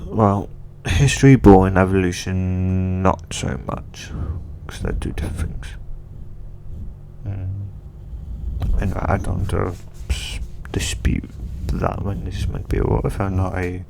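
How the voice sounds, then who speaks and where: Guy w a low gravelly voice, slow and rambly, lots of um and like, noisy background hiss. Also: mellow. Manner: hesitant, full of restarts and fillers. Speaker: fan video creator. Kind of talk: rambling casual commentary.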